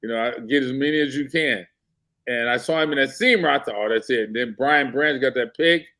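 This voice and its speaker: A man's voice: medium pitch, brisk. A man in casual sports talk, telling a story with energy and acting out what people said. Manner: animated storyteller, acts out quotes. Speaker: guest.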